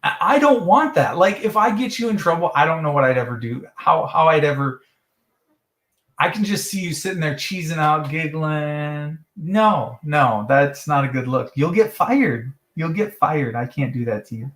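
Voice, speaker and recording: A man's voice: lively intonation, normal speed, a bit bright. Guy rambling on a live stream, voice bouncing all over, roomy echo. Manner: joking, jumps between topics, mimics voices in high falsetto.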